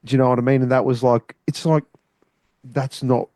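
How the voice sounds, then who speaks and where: A man with a mellow, dark voice in a dry, close recording gives passionate opinions about music. He talks casually and emphatically, with plenty of swearing. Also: mid-range voice, steady tone, moderate pace, dry recording. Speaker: music reaction co-host. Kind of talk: casual reaction chat.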